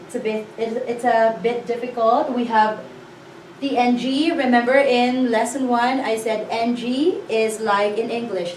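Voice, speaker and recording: A woman from the Philippines teaches a lesson at a very slow, deliberate pace, sounding out every syllable. Her voice sits a little high. It comes from a bit off the mic, in a roomy, echoey space with a faint hum of room ambience behind her. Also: recorded from a distance. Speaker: language teacher. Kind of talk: slow spelled-out lesson narration.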